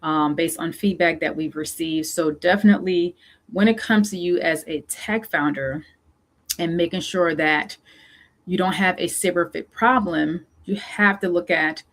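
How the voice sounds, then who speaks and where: A woman with a Southern US accent and a fairly low voice hosts a casual solo talk. She coaches founders, circles back to her questions and fills pauses with "um" and "okay.". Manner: coaching, repeats questions, many fillers. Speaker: show host and funding consultant.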